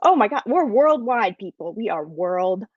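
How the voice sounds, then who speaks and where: A woman guest-hosting a live podcast, bubbly and excitable, greeting viewers with lots of exclamations. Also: medium pitch, normal speed, no room sound. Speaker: guest host. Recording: dry, slightly dull sound.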